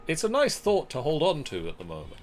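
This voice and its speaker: A man runs a quiz night with a lively, bouncing voice. He reads the questions out slowly and repeats them, then drops in dry jokes. His tone stays easy and chatty. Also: fairly high pitch, a little hiss or hum. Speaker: quiz host. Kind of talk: casual quiz show chat.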